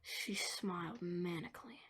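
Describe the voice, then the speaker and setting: A woman narrating a dark story, moving between hushed whispers and emphatic lines. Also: on the low side, measured pace, slightly rough.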